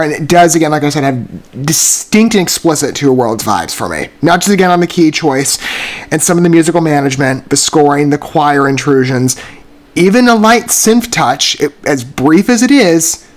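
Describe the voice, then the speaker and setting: Man, music reaction host, slightly high voice, very animated pitch, effusive, rambling, self-correcting. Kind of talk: casual spoken music review.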